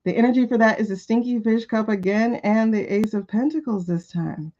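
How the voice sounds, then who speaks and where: A woman's voice: a little high, brisk, mellow, dull audio. A woman doing a live tarot reading, chatting animatedly and greeting viewers by name. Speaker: tarot reader.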